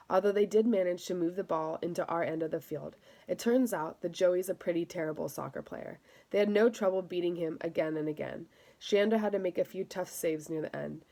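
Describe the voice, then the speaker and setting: A woman narrates a story aloud in a steady, measured way, her voice sitting on the low side. It is a first-person audiobook reading. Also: creaky.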